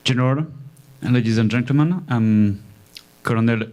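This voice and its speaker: A man from France with a strong French accent, an army training officer speaking on a conference panel in halting English with many pauses. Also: medium pitch, a little mellow. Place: conference hall.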